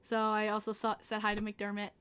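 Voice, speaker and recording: A woman's voice: mid-range voice, monotone, fairly quick, fairly bright tone, clean tone. A woman with a Long Island New York accent, hosting a casual livestream podcast and chatting with viewers, laughing often. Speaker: podcast host reading live chat.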